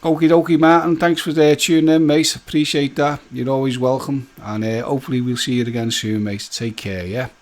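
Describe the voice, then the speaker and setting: A man hosts a relaxed live stream, bantering with his viewers and calling them by name. He laughs easily and keeps a friendly, jokey tone. His voice sits at an ordinary middle pitch. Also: brisk, few pauses.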